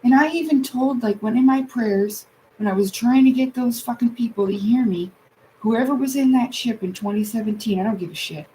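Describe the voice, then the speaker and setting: A woman chatting on a livestream while she paints, her voice sitting a little high. She rambles and swears in exasperation, upset and close to tears, over a faint hum of background noise. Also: a little fast, dark tone, low-quality recording. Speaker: livestream host. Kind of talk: casual chat while painting.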